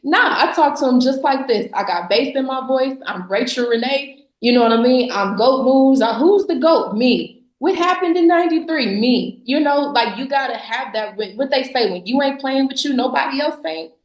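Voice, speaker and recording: A woman's voice: sits high, lively intonation, normal speed, hardly any pauses. A woman guest on a podcast, talking bluntly and sarcastically with lots of emphasis and frequent laughs. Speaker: podcast guest, business founder. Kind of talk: casual interview talk. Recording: echoey room.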